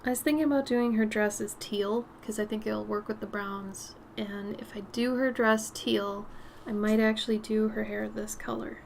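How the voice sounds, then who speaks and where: A woman with a raspy, smoky voice chatting casually while she paints on a live stream, her nose a little stuffy. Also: mid-range voice, steady tone, moderate pace, a little hiss or hum. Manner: chatty, drifts between topics, soft murmured asides.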